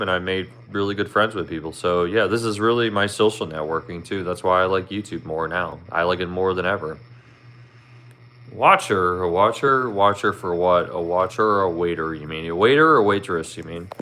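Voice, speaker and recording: A talkative man with a Philadelphia accent, hosting a relaxed live stream and answering viewers' comments as they come in. His voice sits fairly low, and he circles back over his words and asks his viewers plenty of questions. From Philadelphia, Pennsylvania. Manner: chatty, asks viewers questions, repeats himself, laughs often.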